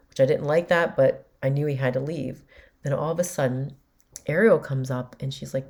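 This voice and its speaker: Woman, low pitch, podcast host, candid conversational storytelling. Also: moderate pace, a little mellow. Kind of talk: personal storytelling.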